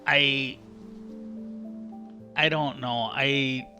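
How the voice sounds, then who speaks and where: A man hosting a livestream, talking in a casual, halting way, often restarting his sentences and swearing offhand. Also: medium pitch, steady tone, bright, forceful tone, soft background music. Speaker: livestream host. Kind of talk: casual rambling commentary.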